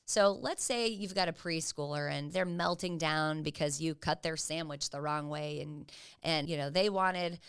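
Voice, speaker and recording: A woman's voice: sits low, moderate pace, a bit bright, clear, resonant tone. An older woman giving casual, earnest parenting advice, encouraging and acting out what parents could say. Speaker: parenting educator. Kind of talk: casual teaching talk.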